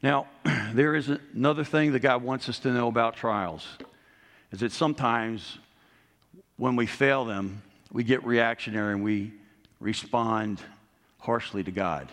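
A man's voice: medium pitch, measured pace, a bit bright. Earnest middle-aged male preacher, echoing hall. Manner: earnest preaching, rising emphasis on key points. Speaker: pastor. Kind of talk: sermon. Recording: long hall reverb.

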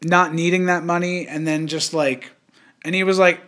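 A young man talks loosely on a casual podcast, his voice sitting a little high for a man. He rambles and restarts, with plenty of fillers and casual swearing. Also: fairly even intonation, normal speed, fairly bright tone. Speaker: podcast host.

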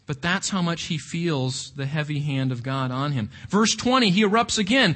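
A man teaching through a Bible book, animated and often asking his listeners questions. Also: a little high, moderate pace, few pauses. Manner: animated, asks the audience questions.

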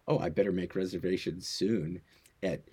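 A middle-aged American man with a very low, husky voice and a mellow, dark tone. He chats casually and playfully as a podcast co-host and laughs easily. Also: animated, measured pace. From United States. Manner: laid-back, playful, laughs often. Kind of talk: casual chat.

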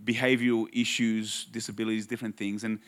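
A man giving a sermon as a pastor, telling a personal story in an earnest, conversational way and slowing down to stress key phrases. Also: fairly low pitch, little pitch movement.

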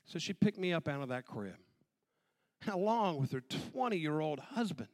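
A man in his forties gives a personal testimony in a voice on the high side at normal speed. He's an animated storyteller who acts out the voices of the people in his story.

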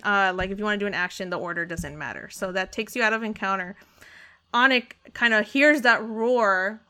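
A woman narrating as dungeon master in an upbeat, quick manner, explaining rules as she goes. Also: medium pitch, sharp tone. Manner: upbeat, quick, laughs often. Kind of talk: narrating and explaining a tabletop game.

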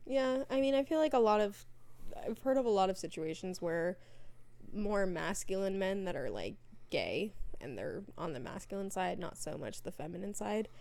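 A woman's voice: medium pitch, animated, normal speed, gravelly, a little mellow. A young woman co-hosting a podcast in casual chat, talking loosely with lots of "like" fillers and easy laughter. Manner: chatty, full of "like" fillers, laughs easily. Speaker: podcast co-host.

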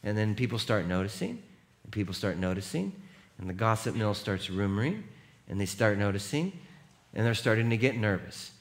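A man preaching a sermon as pastor, animated and emphatic, and rallying the congregation. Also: on the low side, moderate pace.

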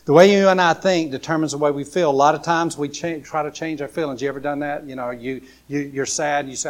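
A man's voice: on the high side, steady tone, brisk, hardly any pauses. A man preaching a casual sermon as a pastor, speaking in a loose, repetitive way with many fillers and rhetorical questions. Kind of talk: conversational sermon.

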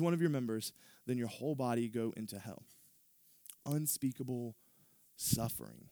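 A male pastor preaching a sermon, retelling scripture with animated storytelling and frequent restarts. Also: mid-range voice, normal speed, pauses often, dry recording, clean studio sound.

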